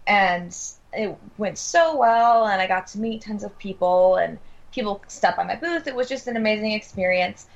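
A woman's voice: mid-range voice, normal speed, muffled recording. A woman co-hosting a podcast, enthusiastic and gushing in casual chat. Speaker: podcast co-host.

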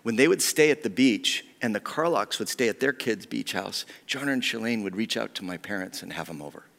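Speaking from the heart in a church sanctuary, a pastor delivers a personal sermon, often dropping to a near whisper. His lower-sitting voice is gravelly yet fairly bright, expressive and a little fast, with long hall reverb trailing every phrase.

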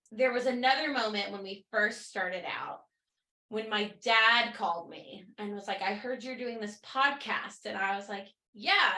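A woman's voice: medium pitch, bright, forceful tone, roomy sound. A woman co-hosting a podcast in casual chat, telling stories in a rambling way with many fillers. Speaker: podcast co-host.

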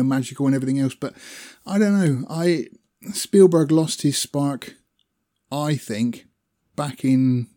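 Chatty man with a mellow voice. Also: medium pitch. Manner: chatty, rambling, with frequent fillers and small laughs. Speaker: film reviewer. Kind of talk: casual film chat.

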